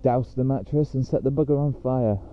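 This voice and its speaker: A man's voice: mid-range voice, a little fast. Rambling man, tinny phone-like sound. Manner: rambling and chatty, with many fillers. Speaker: podcast host. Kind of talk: casual solo rambling podcast. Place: outdoors on a dog walk.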